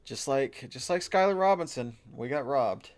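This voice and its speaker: A man's voice: mid-range voice, expressive, moderate pace. A man co-hosting a casual sports podcast over drinks, loose and swearing, laughing often. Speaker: podcast co-host.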